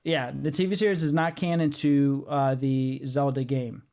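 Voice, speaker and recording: A man's voice: mid-range voice, level tone, moderate pace, a little mellow, clear, resonant tone. A man hosting a casual comics podcast, explaining his points firmly with many ums and uhs. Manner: assertive, explains at length with fillers. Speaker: podcast host. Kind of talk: casual chat.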